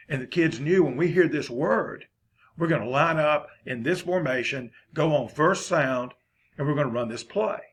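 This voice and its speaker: Husky man talking coaching. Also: mid-range voice, fairly bright tone. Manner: folksy, rambling and conversational. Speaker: football coach. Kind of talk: informal coaching lesson.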